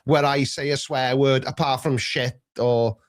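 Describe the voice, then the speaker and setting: A man's voice: medium pitch, steady tone, a little slow. A man with a Welsh accent hosting a call-in show, talking in a chatty, self-deprecating, storytelling way. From Wales. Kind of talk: casual chat.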